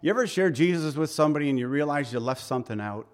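A man's voice: a little high, expressive, quick pace, hardly any pauses. A middle-aged man preaching a conversational sermon, asking rhetorical questions and voicing quotes dramatically. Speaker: pastor.

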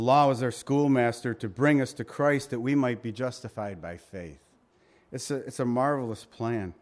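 A man's voice: medium pitch, normal speed. A man preaching a sermon, reading scripture and telling stories with acted quotes, his volume and pace swinging widely. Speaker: pastor.

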